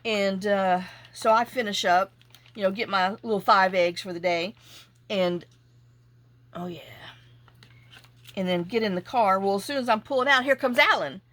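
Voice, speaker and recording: A woman who runs a junk journaling channel chats casually as she crafts, spinning a rambling, animated story with asides. Her voice sits at medium pitch with a moderate pace and long pauses.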